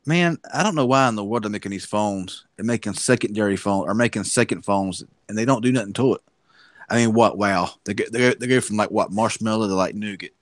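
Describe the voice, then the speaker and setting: A man's voice: fairly low pitch, brisk, no room sound. A man co-hosting a tech livestream, talking casually and hesitantly, often restarting his sentences.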